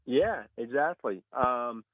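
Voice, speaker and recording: A man who is a state education official, answering radio interview questions over the phone in a steady, measured way with frequent fillers. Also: medium pitch, dry recording. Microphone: phone call. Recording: tinny phone line, dry.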